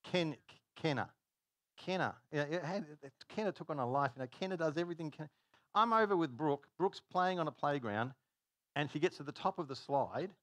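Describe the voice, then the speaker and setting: A man's voice: on the high side, lively intonation, moderate pace, dry recording, clean studio sound. A man preaching a conversational sermon, telling stories, stopping himself mid-sentence and acting out dialogue. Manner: chatty, self-interrupting, acts out dialogue.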